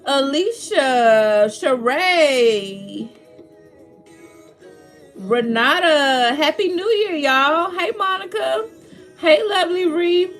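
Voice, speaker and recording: A woman's voice: high-pitched, expressive, drawn-out words, fairly bright tone, soft background music. Chatty woman host greeting viewers. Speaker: livestream host. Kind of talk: casual livestream chat.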